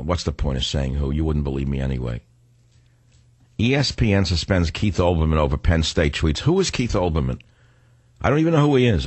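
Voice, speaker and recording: A man's voice: low voice, husky, no echo. An older man hosting a talk radio show, delivering a combative, sarcastic, rambling monologue.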